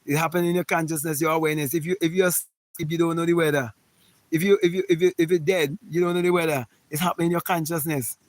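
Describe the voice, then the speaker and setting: A man's voice: a little high, steady tone, quick pace, no room sound. A man hosting a spiritual talk, reading viewer comments and answering them in an emphatic, repetitive, preachy way.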